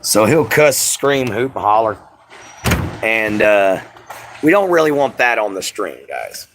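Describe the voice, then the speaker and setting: A man's voice: fairly low pitch, very animated, takes it slowly, a bit bright, slight background noise, rough recording. A man hosting a casual home live stream, drawling and easygoing as he answers chat by name. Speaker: livestream host. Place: at home, moving to back porch.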